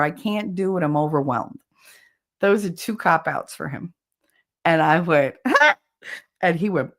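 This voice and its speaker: Blunt, profane New woman. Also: low voice. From Hoboken, New Jersey. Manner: blunt, profane, laughs often. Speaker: livestream host. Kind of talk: casual storytelling chat.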